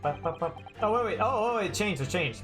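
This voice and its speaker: A man's voice: sits high, lively intonation, fairly quick. A man casually commenting while streaming a story game, chatty and self-mocking. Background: game music.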